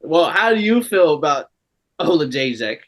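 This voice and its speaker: A man's voice: fairly high pitch, big pitch swings, normal speed, a bit bright. A man co-hosting a casual fight podcast, laughing often while he goes through fighters' records. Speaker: podcast co-host. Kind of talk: casual chat.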